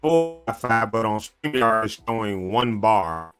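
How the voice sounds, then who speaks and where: A man's voice: fairly low pitch, lively intonation, unhurried, over music. A man hosting a casual morning livestream over a video call, easygoing and reflective, laughing often. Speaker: host.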